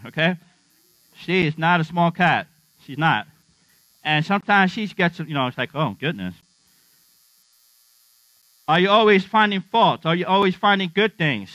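Bright-voiced male pastor, joking sermon. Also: high voice, no echo. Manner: humorous, conversational, asks the congregation questions. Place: church. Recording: dull, slightly lo-fi dry sound with mains hum.

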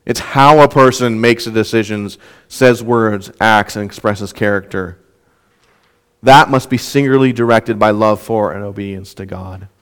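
Earnest young male preacher, smooth voice. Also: on the low side, moderate pace, a bit bright. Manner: earnest, repeats words when restarting. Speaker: pastor. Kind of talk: sermon.

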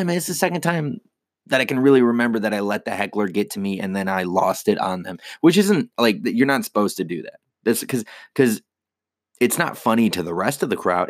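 A man's voice: fairly low pitch, no echo, clean studio sound. A young man, a stand-up comedian, talking casually in a rambling, profane, self-critical way. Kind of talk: casual monologue.

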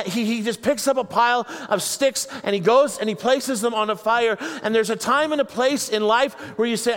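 A man preaching a sermon in a chatty, humorous way, acting out quoted voices. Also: high-pitched. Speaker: pastor. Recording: long hall reverb.

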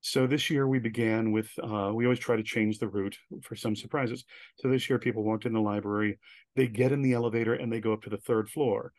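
A man's voice: fairly low pitch, steady tone, fairly quick, a little mellow, no echo. A man, a guest on an interview podcast, telling stories animatedly and acting out the quoted lines. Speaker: guest, director.

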